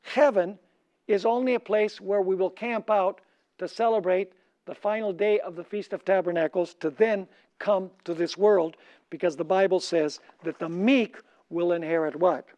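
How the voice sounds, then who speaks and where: A man preaching a sermon as a pastor. He asks the audience questions so they can finish his sentences, and he slows down and lifts his voice when he reads scripture. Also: high-pitched, fairly even intonation, darkish tone. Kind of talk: sermon lecture. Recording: dull lo-fi recording.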